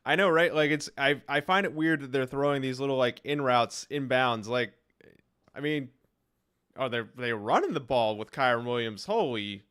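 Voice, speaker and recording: A young man streaming live play-by-play reactions to a football game, calling the action and reacting excitedly, his voice starting to wear out. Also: medium pitch, normal speed, clean tone. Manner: excited commentary, reacting aloud to plays.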